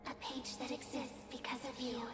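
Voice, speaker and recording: A woman's voice: high voice, flat delivery, moderate pace, big-room sound, soft background music, natural voice. An actress voicing a playful young woman in a game who speaks in a light, lilting, wondering tone. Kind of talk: game character dialogue.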